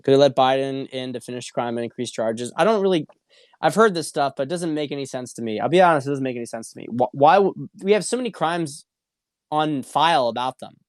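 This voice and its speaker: A man's voice: medium pitch, animated, a little fast, dry recording, clean studio sound. A man hosting a casual livestream, answering viewer questions in a blunt, profane way and often repeating himself. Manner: blunt and profane, with frequent repetition and restarts. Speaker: show host.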